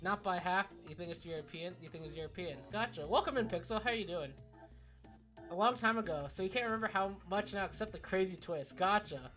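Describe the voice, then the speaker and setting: A woman's voice: on the low side, lively intonation, brisk, a bit bright, faint music behind. A woman streamer chatting casually through a game, greeting chat and reacting with amusement. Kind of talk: casual gameplay commentary.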